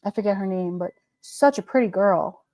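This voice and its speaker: A woman's voice: mid-range voice, normal speed, dark tone, no room sound, dull audio. A woman hosting a live stream, chatting casually and rambling with her viewers, often giggling.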